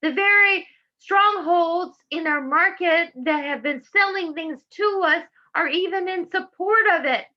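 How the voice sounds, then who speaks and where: A woman's voice: very high voice, measured pace, lo-fi sound. A middle-aged woman from Georgia with a Southern accent, giving impassioned public testimony in a fervent, preacherly way. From Georgia, USA. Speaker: public speaker.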